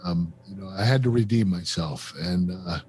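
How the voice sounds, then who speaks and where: A man in his fifties, a podcast host, telling an emotional personal story in an earnest, halting way with many fillers and restarts. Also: sits low, darkish tone, slightly rough. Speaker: podcast host and former wrestler.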